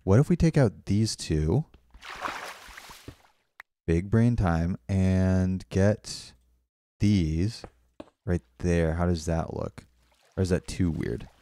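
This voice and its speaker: A man's voice: low voice, takes it slowly, pauses often, mellow, slight background noise. A young man streaming a game, chatting casually with viewers and often apologizing. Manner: chatty, apologetic, reads chat aloud. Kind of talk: casual live-stream chat while building.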